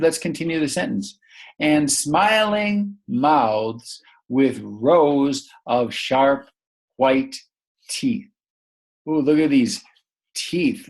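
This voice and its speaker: A man teaching a young English learner, reading a picture book aloud slowly and asking many encouraging questions. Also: fairly high pitch, creaky. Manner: slow, encouraging, full of questions.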